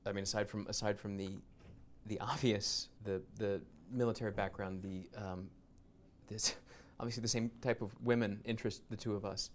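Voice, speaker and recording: A man's voice: fairly low pitch, steady tone, moderate pace, slight background noise. A man appearing as a guest actor on a podcast, rambling and self-deprecating. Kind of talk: casual chat.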